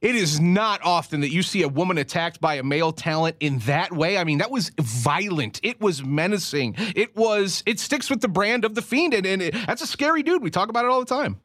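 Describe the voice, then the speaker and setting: A man co-hosting a radio show, chatting in an animated, excitable way and laughing often. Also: sits high, a little fast, hardly any pauses, no echo. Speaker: radio co-host. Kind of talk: casual radio sports talk.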